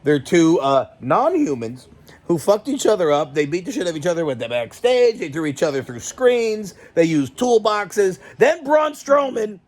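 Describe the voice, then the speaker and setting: Male host with a high voice, loud and excitable, swearing freely through a casual reaction chat. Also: moderate pace. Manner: excitable and profane, often laughing and shouting. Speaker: host of a toy and wrestling channel.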